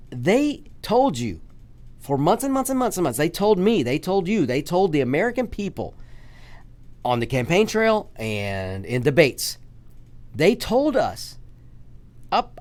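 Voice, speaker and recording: Male talk radio host, animated pitch, emphatic and repetitive monologue. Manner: emphatic, repetitive, addresses listeners as folks.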